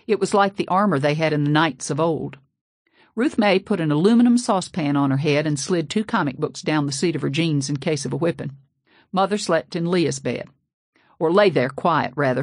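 Audiobook narrator, woman, sassy folksy read, deep dry voice. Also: no room sound. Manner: folksy, sassy first-person storytelling. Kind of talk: scripted narration.

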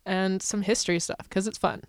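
A woman's voice: medium pitch, steady tone, normal speed, smooth, dry recording. A woman co-hosting a podcast in casual chat, playful and sarcastic, often laughing. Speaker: podcast co-host.

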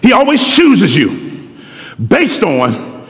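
A middle-aged man preaching a sermon in a slangy, animated way, often repeating words. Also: sits high, slow. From Philadelphia. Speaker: pastor. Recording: echoey hall.

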